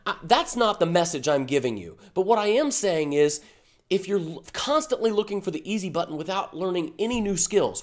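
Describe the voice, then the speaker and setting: Fired-up man coaching online business owners. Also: sits high. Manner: fired-up, emphatic, repetitive rhetorical questions. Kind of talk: direct-to-camera motivational talk.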